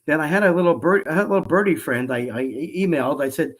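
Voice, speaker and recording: A man hosting a casual chat show with a slightly high-pitched voice. He talks eagerly and chattily, restarting his sentences often. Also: animated, fast talker, hardly any pauses. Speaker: podcast host.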